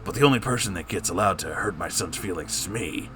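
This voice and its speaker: A man's voice: deep voice, lively intonation, quick pace, a bit bright, faint music behind. A man voicing a smug, mean-spirited male assassin father in a comedic story reading.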